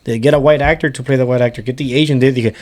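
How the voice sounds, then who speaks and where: A man with a mellow, rounded voice and a middle pitch, talking casually on a chat show. He swings between English and Spanish mid-sentence and swears freely. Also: fairly even intonation, rapid-fire. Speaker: podcast co-host.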